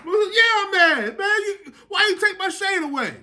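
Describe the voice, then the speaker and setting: A man's voice: very high-pitched, lively intonation, measured pace, background noise, pitched above the performer's own voice. A man voicing a sulking, exasperated grown prophet who whines and complains about losing his shade. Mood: exasperated whining. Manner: whiny, complaining.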